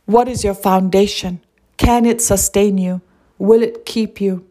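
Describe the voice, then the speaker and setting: A woman's voice: mid-range voice, steady tone, a little slow, mellow. A woman giving a devotional sermon, earnest, reading scripture aloud and asking rhetorical questions. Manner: earnest, repeats lines, asks rhetorical questions. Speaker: preacher.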